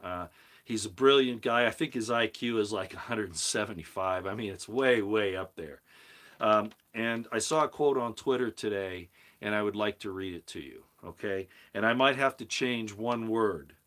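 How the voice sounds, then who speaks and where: Reading out viewer comments on his live commentary stream, this host delivers a loose, rambling monologue in a fairly low, slightly bright voice at a normal pace. He keeps repeating and restarting words, and his emphasis climbs as he drives his points home.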